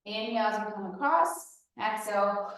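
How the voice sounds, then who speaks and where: A woman's voice: mid-range voice, normal speed. Woman, fitness coach, cueing breaths, slightly out of breath, distant mic, very echoey. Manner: cueing breaths while demonstrating moves. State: a little out of breath. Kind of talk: workout instruction.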